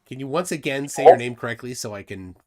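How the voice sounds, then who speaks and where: A man's voice: medium pitch, animated, fast talker, a crowd in the background. A man hosting a live stream in casual chat, rambling with many restarts and fillers. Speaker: livestream host.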